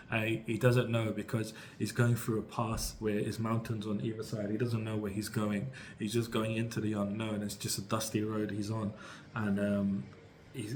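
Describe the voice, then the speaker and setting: A low-voiced British tarot reader gives a casual reading, rambling and upbeat and restarting his sentences. His pitch stays fairly flat, with faint noise humming beneath the recording.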